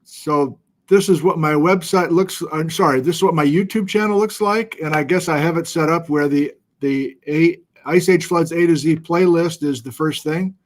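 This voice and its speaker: A middle-aged man with a slightly high voice hosts a casual livestream from a home studio. He chats loosely and pokes fun at himself while reading out viewer locations. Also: moderate pace, few pauses. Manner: chatty, self-deprecating, reads viewer locations aloud. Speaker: livestream host. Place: home studio with document camera.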